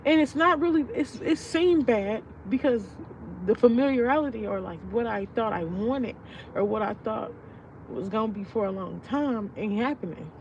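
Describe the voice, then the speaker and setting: A woman's voice: fairly high pitch, animated, normal speed. A young woman vlogging casually, venting in a rambling, profane, heartfelt way about her feelings. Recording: distant, muffled mic with street noise.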